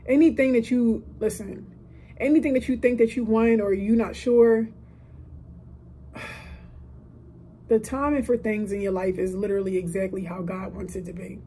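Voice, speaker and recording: A 30-year-old woman talks casually and from the heart on her solo podcast, pressing her points with emphatic energy. Her voice sits mid-range with a warm, mellow tone. Faint noise sits behind her in a quiet hotel room. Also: mid-range voice, steady tone, moderate pace, pauses often, rough recording. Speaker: podcast host.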